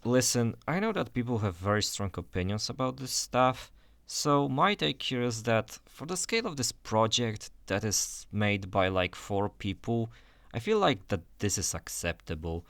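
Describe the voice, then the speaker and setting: A man's voice: medium pitch, expressive, moderate pace, fairly bright tone, no echo. A young man narrating a scripted game review voice-over in an enthusiastic, conversational way.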